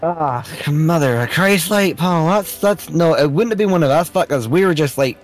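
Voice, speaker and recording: Brash swearing Scottish guest, high and lively as a man puts it on. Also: moderate pace, soft background music, close to an everyday voice. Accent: put-on Scottish. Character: foul-mouthed rowdy male wedding guest.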